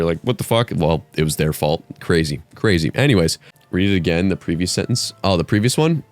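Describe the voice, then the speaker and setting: A young man mock-grading an essay in a profane, theatrical comedic rant, his voice jumping very high when excited. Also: fairly quick, no room sound. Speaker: comedy YouTuber.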